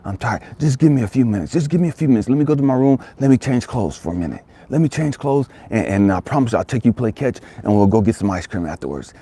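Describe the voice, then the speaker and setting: A worn-out, stressed young father waving off his child with repeated stalling lines, as a man puts him on. The voice is dark and husky. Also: mid-range voice, big pitch swings, fast, hardly any pauses, voice pushed up. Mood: weary. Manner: weary, repeating brush-offs.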